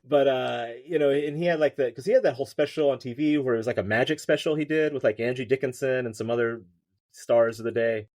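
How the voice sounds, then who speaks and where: A man's voice: mid-range voice, fast, darkish tone. Man rambling through a story. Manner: rambling storytelling with many fillers and restarts. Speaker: podcast guest, writer. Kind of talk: casual chat.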